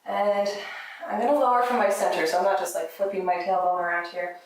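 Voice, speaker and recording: A woman teaching a yoga class, giving gentle, encouraging step-by-step cues for breath and movement. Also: medium pitch, fairly even intonation, fairly quick. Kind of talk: guided yoga class instruction. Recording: very echoey room, mic at a distance.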